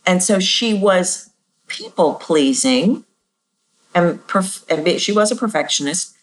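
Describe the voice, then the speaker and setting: A middle-aged woman hosting a podcast, coaching on voice in a casual teaching monologue and jumping her pitch to act out examples. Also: animated, measured pace.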